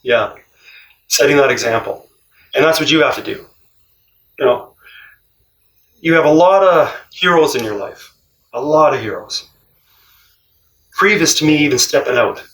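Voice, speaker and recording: A man's voice: a little high, normal speed, pauses often, distant mic. A man telling stories casually, laughing often and acting out the people he quotes. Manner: animated, laughs often, acts out quoted voices. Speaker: cross-country traveller. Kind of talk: casual storytelling. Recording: roomy, from off-mic.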